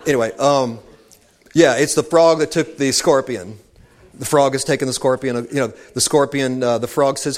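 A man's voice: mid-range voice, fairly even intonation, fairly quick. A man preaching an informal sermon, talking conversationally and wandering into asides, calling his listeners saints.

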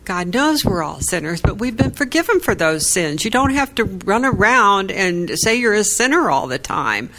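A woman's voice: mid-range voice, sing-song, moderate pace, few pauses, a bit bright, rough recording. A woman caller on a Christian talk show, telling a personal story about church and quoting the people she spoke with. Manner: chatty storyteller, quoting herself and others.

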